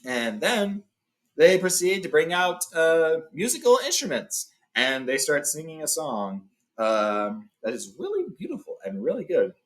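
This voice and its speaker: A man retells a story to his audience in a relaxed, chatty way, stopping to correct himself now and then. His voice sits a bit high and moves up and down a lot. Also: unhurried. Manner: chatty, with fillers and self-corrections. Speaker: host reading a book aloud. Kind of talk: casual read-along retelling.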